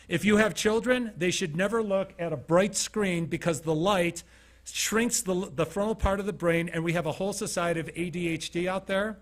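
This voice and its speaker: A middle-aged man speaking as a keynote speaker in a studio, with a slightly high voice for a man. He tells stories from his own life and acts out each quoted line of dialogue. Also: fairly quick. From Utah. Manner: storytelling, acting out quoted dialogue. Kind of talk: motivational talk.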